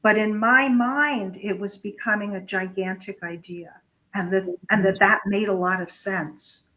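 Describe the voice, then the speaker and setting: A woman hosting an interview, asking gentle, careful questions with restarts. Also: mid-range voice, fairly even intonation, measured pace, low-quality recording. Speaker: interview host. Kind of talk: interviewing a guest.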